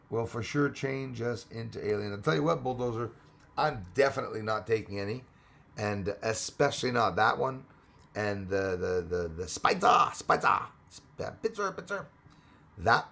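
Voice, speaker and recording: A man's voice: fairly low pitch, vocal fry, fairly bright tone. A man hosting a casual live stream, chatting with viewers, greeting them by name and laughing often. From Australia.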